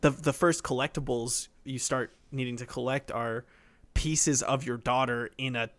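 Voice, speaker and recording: This podcast co-host is a young man with a mid-range, fairly bright voice, keeping his intonation fairly even at a moderate pace. The casual chat wanders, packed with filler words, swearing, and silly put-on voices.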